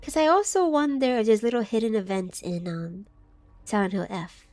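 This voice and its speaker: A woman's voice: fairly high pitch, normal speed, darkish tone, soft background music. A woman streaming a game live, chatting casually and reading chat aloud, scattered and giggly as she loses her train of thought.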